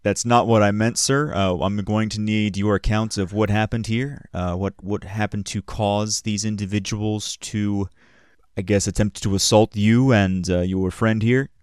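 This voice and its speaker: A man's voice: fairly low pitch, steady tone, unhurried, clean tone, dry recording, clean studio sound, lightly acted. A man voicing a male train guard who questions passengers in a formal, businesslike way.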